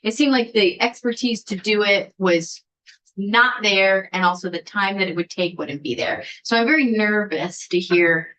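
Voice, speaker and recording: A woman's voice: medium pitch, normal speed, bright, forceful tone, rough recording. A woman, a state senator, questioning a witness in committee, earnest and worried, sometimes searching for words.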